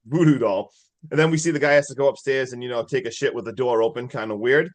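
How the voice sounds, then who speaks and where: Speaking quickly in a mid-range voice, this male podcast co-host recounts a horror film's plot with excitement. The conversation is casual, peppered with filler words and curses.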